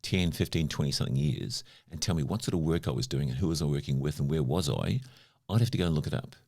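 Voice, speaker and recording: A man in his fifties from New Zealand talks as a podcast guest, and his voice sits extremely low. He tells stories casually and freely, scattering "you know" through his sentences. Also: fast, creaky, darkish tone. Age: 50s. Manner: chatty anecdotal, lots of "you know" fillers. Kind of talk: casual conversational storytelling.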